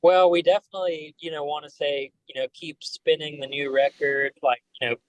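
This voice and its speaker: A man, a band member guest on a podcast, telling animated stories full of fillers. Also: a little high, a little fast, a little hiss or hum, low-quality recording. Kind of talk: casual storytelling.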